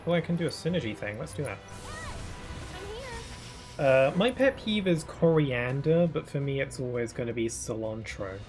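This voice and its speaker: A man's voice: medium pitch, animated, normal speed, music in the background. Rambling British man chatting on stream. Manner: rambling, musing, with frequent fillers and chuckles. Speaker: gaming streamer. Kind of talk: casual chat while streaming a game.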